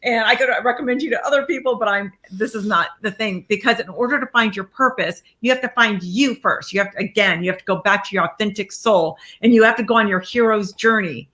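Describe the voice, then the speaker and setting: A woman speaking as a guest life coach, telling her story in a casual interview, animated and acting out the voices of people she quotes, often laughing. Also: medium pitch, a little fast, hardly any pauses. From Iraqi family background, raised in America.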